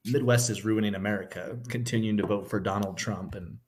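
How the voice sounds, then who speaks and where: A man's voice: lowish voice, steady tone, brisk, a little mellow. A man hosting a podcast, talking in casual chat with a wry, teasing manner. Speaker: podcast host.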